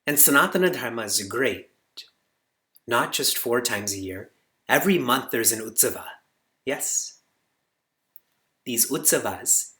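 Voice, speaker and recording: A man giving a spiritual discourse to students as their teacher, animated and rising sharply on key words, reciting Sanskrit slowly and asking the room short check-in questions. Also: medium pitch.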